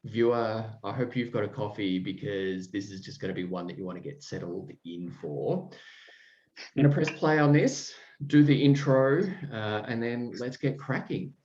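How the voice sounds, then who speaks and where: Here the host speaks at a moderate pace in a fairly low, slightly mellow voice. Chatting casually with his guest, he rambles effusively with plenty of fillers and restarts, captured in a roomy, dull-sounding space.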